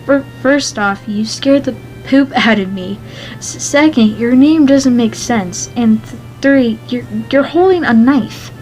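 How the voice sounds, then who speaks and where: A woman's voice: a little high, flat delivery, measured pace, hardly any pauses, soft background music, natural voice, poor audio. Woman voicing a stammering, frightened teenage boy. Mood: panicked. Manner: stammering, shouting in alarm.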